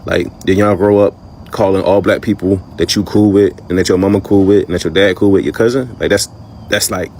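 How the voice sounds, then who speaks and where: Deep gravelly man, rapid rambling slangy talk, faint vehicle noise. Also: fairly even intonation, a little mellow. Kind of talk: casual explaining to camera.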